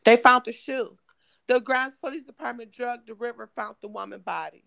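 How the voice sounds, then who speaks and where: Hoarse woman from Michigan, gravelly voice, dry sound, stops and restarts a lot. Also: on the high side, a bit bright, no room sound. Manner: halting, repeats words, restarts often. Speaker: guest, mother of missing woman. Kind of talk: emotional interview talk.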